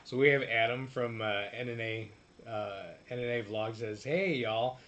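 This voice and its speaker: A man's voice: mid-range voice, moderate pace, fairly bright tone, lo-fi sound, a little hiss or hum. A man co-hosting a casual chat, dryly reading viewer comments aloud.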